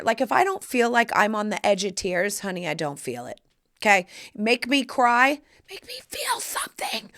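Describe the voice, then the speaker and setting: A middle-aged woman hosting a podcast, telling stories in brassy, playful casual chat. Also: mid-range voice. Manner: animated, brassy storytelling with playful asides. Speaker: podcast host.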